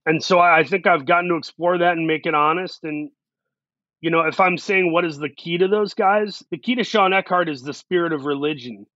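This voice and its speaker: A man's voice: fairly high pitch, a little fast, pushed and bright, dry recording, muffled recording. A man talking in a casual interview, earnest and reflective, working through his ideas in long, run-on thoughts. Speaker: actor, guest.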